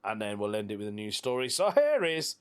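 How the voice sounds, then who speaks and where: A man's voice: on the low side, wildly swooping pitch, a little fast, clear, resonant tone. A British man hosting a casual solo podcast, reading a listener's story aloud with chatty asides and frequent laughs. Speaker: podcast host.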